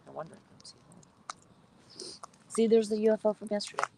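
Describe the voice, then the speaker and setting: A woman's voice: mid-range voice, fast talker, gravelly, background noise. A woman chatting with a friend outdoors by a campfire at night, trading playful, teasing banter. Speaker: friend and guest. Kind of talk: casual campfire chat.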